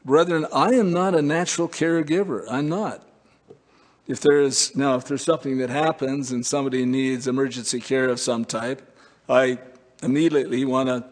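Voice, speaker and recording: A man's voice: mid-range voice, in a large hall. A male preacher delivering a conversational sermon, with many fillers and restarts.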